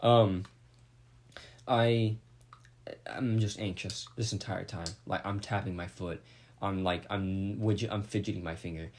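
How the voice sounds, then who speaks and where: Man telling a profane, animated story. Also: deep voice, measured pace, pauses often, a little hiss or hum. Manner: profane, animated retelling of a mishap. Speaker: podcast host. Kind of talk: casual storytelling.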